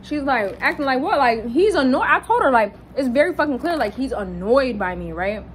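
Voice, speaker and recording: Young woman ranting a storytime, kinda high voice, lots of cussing, faint hiss behind. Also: normal speed, rough recording. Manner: animated, swearing, quotes people in raised voice. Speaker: vlogger. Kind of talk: casual storytime.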